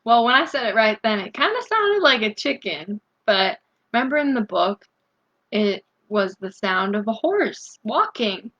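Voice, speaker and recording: A woman reading a picture book aloud as a bedtime story, gently asking young listeners questions between the pages. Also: a little high, sing-song, measured pace, highs cut off. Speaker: storybook reader.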